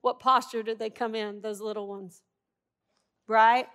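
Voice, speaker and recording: A woman's voice: on the high side, fairly even intonation, unhurried, a bit bright, smooth. A middle-aged woman preaching a sermon in a conversational, humorous and emphatic way.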